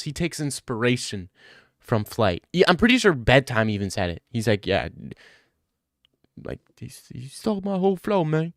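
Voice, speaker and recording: A man's voice: medium pitch, no room sound, studio quality. Man rambling in casual banter. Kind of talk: casual chat.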